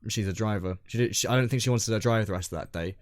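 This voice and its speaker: Young man co-host, low voice, rambling anecdote, dry close mic. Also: quick pace, no echo. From Scotland. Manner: rambling storyteller, many ums and restarts. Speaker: podcast co-host. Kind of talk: casual chat.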